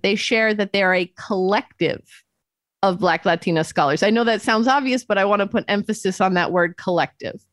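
A woman co-hosting an academic podcast, reading a script clearly and at a measured pace. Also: mid-range voice, no echo, studio quality. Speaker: podcast co-host, professor.

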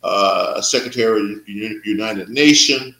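A man's voice: lowish voice, moderate pace, sharp tone, reverberant, low-quality recording. An older man hosting a podcast, talking in a rambling, hesitant way with many fillers. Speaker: podcast host. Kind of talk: casual interview.

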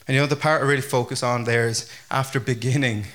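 Pastor, male, bright ringing tone, chatty loose delivery with lots of fillers. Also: mid-range voice, fast talker. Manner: chatty, animated, many fillers and restarts. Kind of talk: casual conversational sermon.

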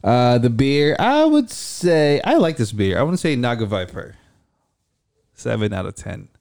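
A man's voice: mid-range voice, lively intonation, moderate pace, vocal fry, a little mellow, no echo, clean studio sound. A man hosting a casual podcast chat, often repeating and restarting words. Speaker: podcast host.

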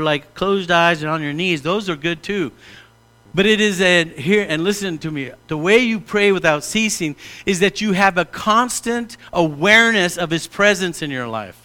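A middle-aged man preaching a sermon as pastor, animated and direct, slipping into mock-pompous prayer voices to make a point. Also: high-pitched, moderate pace.

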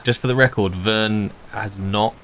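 A man in a tabletop role-playing game, halting through his character's actions with false starts. His voice sits on the lower side, and faint noise runs under the recording. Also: fairly even intonation, fairly bright tone. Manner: hesitant, with restarts and stammers. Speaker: player.

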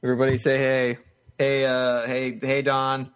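A man co-hosting a podcast in casual chat, playful and quick to laugh. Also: medium pitch, monotone, smooth. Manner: giggly, playful, laughs often. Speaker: podcast co-host.

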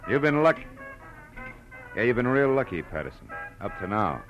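A man's voice: medium pitch, sing-song, moderate pace, highs cut off, soft background music, close to an everyday voice. A man playing a world-weary, wisecracking male private detective in an old-time radio drama, also narrating the story. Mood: wry. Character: hard-boiled male private detective, wry, dry-witted. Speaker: narrator and lead. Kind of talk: 1940s radio acting.

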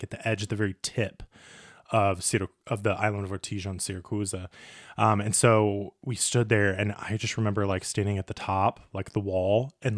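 A man's voice: on the low side, no room sound, studio quality. Chatty American man telling travel stories. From United States. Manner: chatty storyteller, animated, laughs easily. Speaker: podcast co-host. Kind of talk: casual travel chat.

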